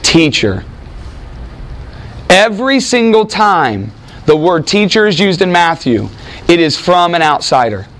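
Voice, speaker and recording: A man preaching in a conversational Bible teaching, talking with his listeners and acting out quoted speakers with lively emphasis. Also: high-pitched, unhurried, pauses often. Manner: animated, acts out quoted speakers, frequent restarts. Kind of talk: conversational sermon with audience interaction.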